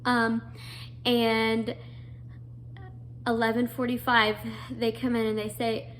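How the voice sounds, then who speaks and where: A woman's voice: fairly high pitch, little pitch movement, slow, a little hiss or hum. A young adult woman earnestly telling a personal story, full of fillers and restarts. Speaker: guest telling her story.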